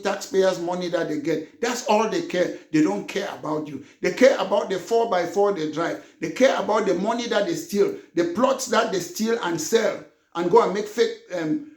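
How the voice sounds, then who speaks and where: Combative high-voiced man. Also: echoey room. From Cameroon. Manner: combative, emphatic, rises to shouting. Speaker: political party leader. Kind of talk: political broadcast monologue.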